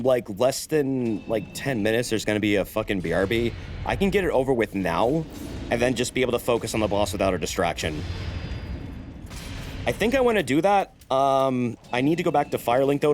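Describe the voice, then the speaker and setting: A man's voice: mid-range voice, lively intonation, normal speed, slight background noise. A man streaming a game, chatting casually and cursing while he explains the lore. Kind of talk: casual gameplay commentary.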